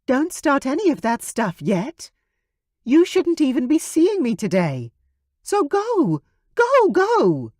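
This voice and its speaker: A man's voice: very high-pitched, wildly swooping pitch, takes it slowly, darkish tone, no echo, clean studio sound, pitched above the performer's own voice, exaggerated voice. A man voicing a hot-tempered young dragon princess in an audiobook, demanding and huffy. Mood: shooing. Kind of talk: audiobook character voice.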